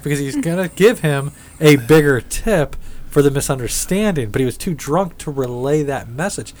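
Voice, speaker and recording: A man's voice: fairly high pitch, a little fast. Profane man telling a bar story. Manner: profane, acts out quoted voices, laughs often. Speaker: storyteller among friends. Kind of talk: casual chat, animated storytelling.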